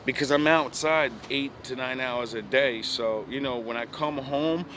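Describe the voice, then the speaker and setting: A man's voice: medium pitch, unhurried, a bit bright, slight background noise. A young man bluntly retelling a past relationship in profane street slang, casual storytelling.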